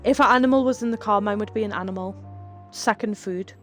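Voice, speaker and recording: A woman's voice: mid-range voice, fast talker, soft background music. A woman, chatting casually with her live chat, laughing often and telling rambling stories. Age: 30s. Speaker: streamer.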